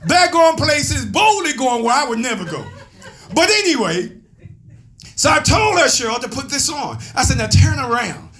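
High-voiced pastor preaching with gusto. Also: male voice, moderate pace, faint music behind. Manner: animated storytelling, laughing and calling out to members. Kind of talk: sermon.

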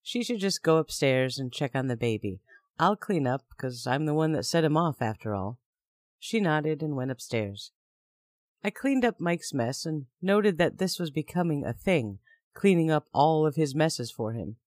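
A man's voice: a little high, sing-song, normal speed, darkish tone, no room sound, studio quality. Man reading a first-person story. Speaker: story narrator.

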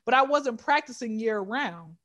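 A woman comedian telling stories in an animated, joking way, often jumping into voices. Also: normal speed. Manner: animated, jumps into high mimicking voices. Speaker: comedian guest. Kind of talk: comedic storytelling.

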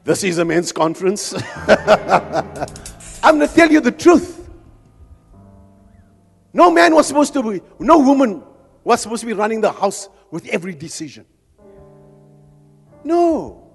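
A man with a strikingly high voice preaches with fire, climbing into shouts and throwing jokes at the crowd. His words ring out in the long reverb of a large hall, with soft music playing behind. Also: sing-song, measured pace, vocal fry, pauses often. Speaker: preacher at a men's conference. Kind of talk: fervent sermon.

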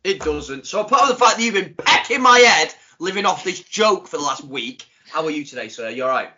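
Bright, chatty man hosting. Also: fairly high pitch, fairly quick, highs cut off. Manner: chatty, excitable, laughs often. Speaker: podcast co-host. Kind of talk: casual podcast chat.

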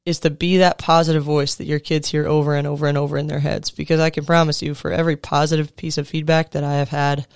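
A man in his thirties, a sports coach, gives an earnest, conversational motivational talk to fellow coaches, full of casual fillers and restarts. His voice is on the high side with little pitch movement, and he talks quickly with hardly any pauses. The tone is clear and resonant, captured in a dry, clean studio recording.

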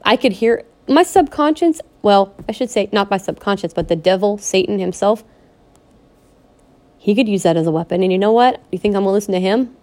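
A woman's voice: medium pitch, animated, a little mellow. Woman vlogging, upset and pleading, keeps repeating herself, medium voice. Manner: pleading, repetitive and upset, with halting restarts. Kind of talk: emotional personal vlog rant.

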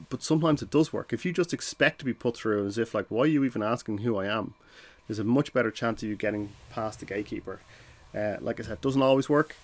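A man talks through his ideas the way a podcast host does, loose and conversational, doubling back on his words as he goes. His voice sits at an ordinary middle pitch. Now and then he slips into short acted-out exchanges to show a point. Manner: conversational, uses fillers and restarts, acts out short phone exchanges. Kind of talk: casual explanatory podcast talk.

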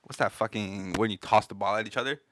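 A young man co-hosting a casual chat, teasing his partner and breaking into high squeaks. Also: quick pace, a bit bright, dry recording. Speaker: podcast co-host.

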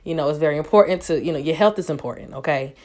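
A woman in her twenties telling a casual story to her viewers, loud and profane, often jumping up into high squeals. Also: rapid-fire. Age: 20s. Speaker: vlogger.

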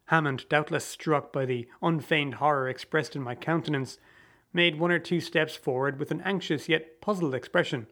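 A man reading a story aloud as a dramatic audiobook narration, with a measured, theatrical delivery. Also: on the high side, bright, forceful tone.

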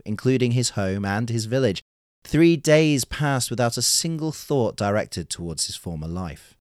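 A man narrating a folktale in a measured, unhurried storytelling manner. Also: on the low side, no room sound, studio quality.

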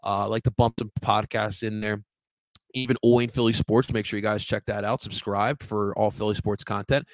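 A young man hosting a livestream sports talk show, excitable and swearing, getting fired up. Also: on the low side, normal speed, no room sound. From first-generation American.

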